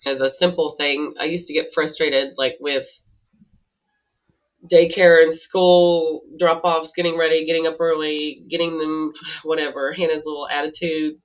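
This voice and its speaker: A woman co-hosting a podcast, telling stories in a chatty, animated way and laughing easily. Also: sits low, moderate pace. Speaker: podcast co-host. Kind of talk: casual conversational storytelling. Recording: dull lo-fi recording.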